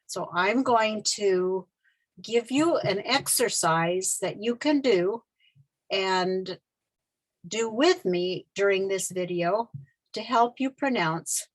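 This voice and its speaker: A woman leads a pronunciation lesson, speaking slowly and deliberately. She is patient and repeats each vowel sound and word so the learner can copy her. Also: mid-range voice. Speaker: literacy teacher.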